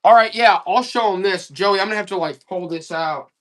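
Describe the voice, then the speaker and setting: A man's voice: sits high, a little fast. Hyped-up male live-auction seller. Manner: excited hype salesman talk. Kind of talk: live selling stream.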